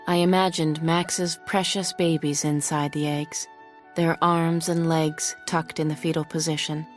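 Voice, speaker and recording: A woman's voice: low-pitched, level tone, unhurried, soft background music. Emotive female audiobook narrator. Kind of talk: first-person novel narration.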